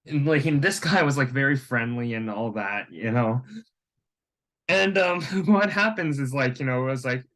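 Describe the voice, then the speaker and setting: Young Canadian guy, casual storytime, filler-heavy, mid-pitched. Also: expressive, normal speed, a bit bright. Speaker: vlogger.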